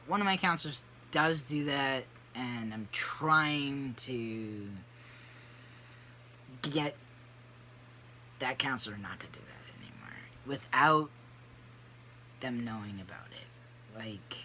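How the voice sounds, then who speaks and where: A vlogger talking candidly in a casual personal video, rambling with many fillers and animated asides. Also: medium pitch, slow, pauses often, a little hiss or hum.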